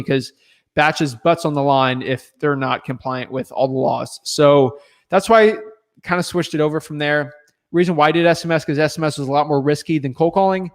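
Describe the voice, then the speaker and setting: A man answering viewer questions in a relaxed, chatty livestream, talking loosely with lots of filler words. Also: on the high side. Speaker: real estate wholesaler answering viewer questions. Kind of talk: casual livestream chat.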